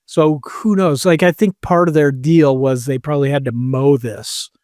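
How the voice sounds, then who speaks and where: Man in his podcast chair telling a rambling story, voice a bit high, dry booth sound. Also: steady tone, normal speed, darkish tone, no room sound. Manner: rambling, quotes people with "he's like". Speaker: podcast co-host. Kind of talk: casual storytelling chat.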